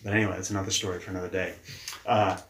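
A man, a leadership coach, telling his story casually in an interview. He talks lively, acts out quoted dialogue and swears casually. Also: low-pitched, rapid-fire, noisy background. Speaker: leadership coach, podcast guest. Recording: echoey room.

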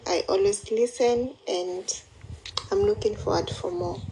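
A woman speaks slowly in a casual voice message, rambling and apologizing and restarting her sentences. A faint hiss of noise sits under her voice. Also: mid-range voice, a little mellow, low-quality recording. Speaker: listener replying by voice message.

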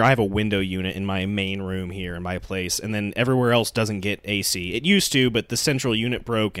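A man co-hosting a podcast with a somewhat low voice, joking wryly and swearing casually. His delivery is loose and conversational. The sound is dry, with no room echo. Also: fairly bright tone. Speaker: podcast co-host. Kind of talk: casual chat.

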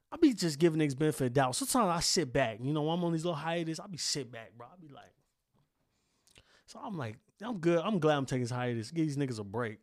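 A young man hosting his own podcast alone, ranting in a boastful, profane and animated way. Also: fairly high pitch, no room sound, clean studio sound. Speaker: podcast host. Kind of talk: solo podcast rant. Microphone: single studio microphone.

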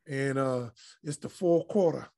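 This retired pro basketball player, now middle-aged, speaks in a gravelly mid-range voice at a slightly slow pace. Guesting on a podcast, he delivers blunt, profane, lively anecdotes in a relaxed interview setting.

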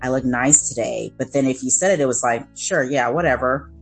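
A woman podcast co-host telling a personal story in an earnest, reflective way, slowing down to stress key words. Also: rumbling low, fairly even intonation, creaky, darkish tone, husky, faint music behind, rough recording. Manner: earnest, reflective, with slowed emphasis.

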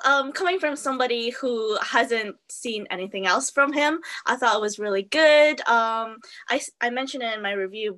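A young woman talks hesitantly as a panel guest and fills her sentences with "um" and "like". Her voice is bright and a little high. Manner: hesitant, many ums and likes. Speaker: theatre reviewer and guest. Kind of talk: casual panel chat.

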